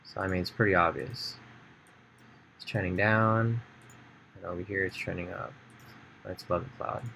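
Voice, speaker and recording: Guy with a lowish voice doing a chill trading tutorial, lots of uh and um, slight background hiss. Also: steady tone, moderate pace, gravelly, pushed and bright. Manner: casual, thinks aloud with fillers and restarts. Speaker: trading educator. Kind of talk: screen-share trading tutorial.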